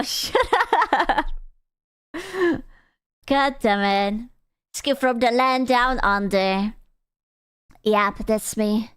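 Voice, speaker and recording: A young woman streamer with a high, clear, smooth voice, talking with her chat in an unhurried, teasing way. She swears freely and jokes around, close to a desk mic in a dry room. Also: no room sound. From Europe. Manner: crude, teasing and playful, laughs often. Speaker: VTuber streamer.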